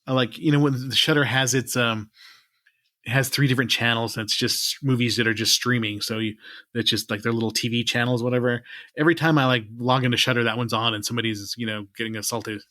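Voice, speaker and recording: A man's voice: medium pitch, steady tone, fast, pushed and bright, no room sound. A man co-hosting a podcast, chatting casually with a rambling, laid-back manner that trails off at the ends of lines. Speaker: podcast co-host. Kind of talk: casual chat.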